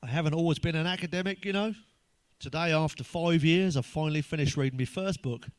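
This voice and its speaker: An English man doing a stand-up routine of crude, blunt one-liners, full of swearing, who pitches up when he quotes other people. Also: quick pace, clean tone, no room sound. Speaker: stand-up comedian.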